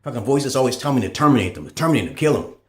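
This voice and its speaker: A man delivering a profane, rambling monologue as a channel host, swinging between loud high bursts and low mutters. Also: animated, racing. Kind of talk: ranting monologue. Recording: echoey room.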